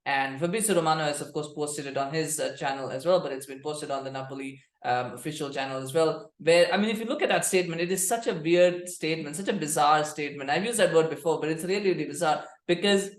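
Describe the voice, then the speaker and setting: A man's voice: on the high side, fast talker, hardly any pauses, reverberant. A man hosting a football podcast, giving rambling, sarcastic commentary full of restarts and fillers. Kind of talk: casual commentary.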